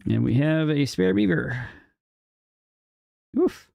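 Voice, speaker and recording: A man's voice: medium pitch, lively intonation, measured pace, vocal fry, a little mellow, clean tone, no room sound, clean studio sound. A man live-streaming a city-building game, chatting casually and joking with viewers in chat while he plays. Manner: chatty, jokey, talks to chat viewers by name.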